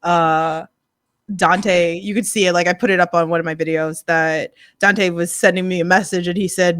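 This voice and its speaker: Podcast co-host: excitable New York woman, bright, dry close sound, loud laughs. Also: mid-range voice, measured pace, dry recording. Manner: hyped, swears a lot, laughs loudly. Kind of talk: excited casual chat.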